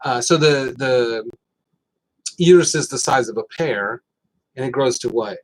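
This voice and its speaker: A middle-aged man hosting a casual health talk, telling stories with lots of fillers and getting animated. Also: medium pitch, normal speed, rough recording. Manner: rambling, animated storytelling with fillers. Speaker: host.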